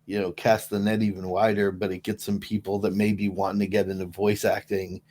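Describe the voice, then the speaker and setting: A man's voice: lowish voice, little pitch movement, brisk, darkish tone. A man chatting on a podcast in an upbeat, joking way. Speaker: podcast guest. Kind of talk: casual chat.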